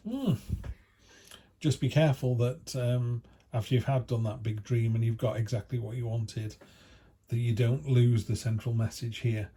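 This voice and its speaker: Chatty man with a mellow, dark voice. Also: mid-range voice, fairly even intonation, normal speed, slight background noise. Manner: chatty, filler-heavy, enthusiastic. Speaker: tarot reader. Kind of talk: casual spoken tarot reading. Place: home by a field. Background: faint outdoor ambience, dogs passing.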